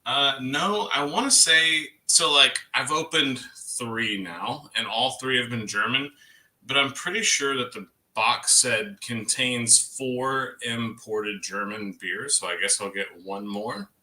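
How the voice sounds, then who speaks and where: Man co-host, casual rambling chat, mid pitch, sharp bright tone. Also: takes it slowly. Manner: chatty, rambling, laughs easily. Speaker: livestream co-host.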